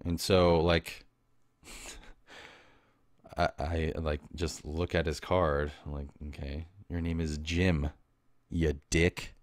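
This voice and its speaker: Deep-voiced man ranting on a podcast. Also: takes it slowly, pauses often, no echo, clean studio sound. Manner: ranting, exasperated, mocking. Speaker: podcast host. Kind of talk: casual solo podcast monologue.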